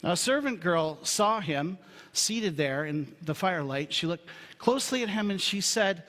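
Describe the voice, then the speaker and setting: A pastor preaching a sermon in a relaxed, joking, conversational way before turning serious. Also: male voice, high-pitched, moderate pace. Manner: humorous, conversational storytelling. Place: church sanctuary. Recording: reverberant church hall.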